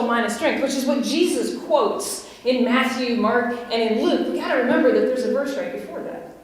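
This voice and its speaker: A West Virginian woman preaches to her congregation in a chatty, questioning way, with a fairly high voice. She is recorded from a distance in a church sanctuary, and the long reverb of the hall hangs on every phrase. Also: a little mellow. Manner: conversational, laughs and asks the congregation questions. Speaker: pastor. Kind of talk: sermon.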